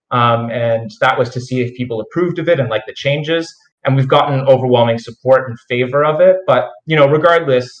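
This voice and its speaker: A man's voice: mid-range voice, fairly bright tone, roomy sound, highs cut off. Nasal-voiced man giving an update. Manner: measured, explanatory, with frequent fillers. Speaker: community team member giving a governance report. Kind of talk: live community call update.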